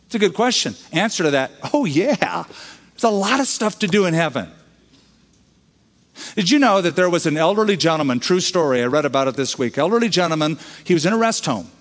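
A man's voice: on the high side, expressive, a little fast, in a large hall. A man who is a pastor, preaching a sermon in a conversational way, bringing in humorous quoted voices.

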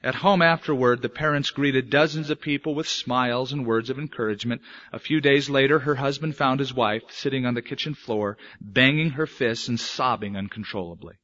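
Bright-voiced preacher, muffled recording. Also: male voice, mid-range voice, normal speed. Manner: dramatic swings between soft and emphatic delivery. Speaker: pastor. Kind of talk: sermon.

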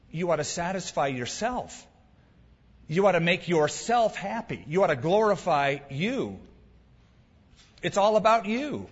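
Male pastor, fairly high husky voice, emphatic conversational sermon, dull hall recording. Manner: emphatic, conversational preaching with asides.

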